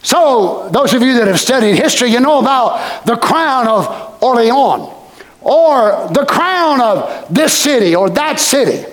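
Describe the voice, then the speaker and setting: Male preacher, slow and lively, impassioned sermon delivery. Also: extremely high pitch. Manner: impassioned, swinging from shouts to whispers.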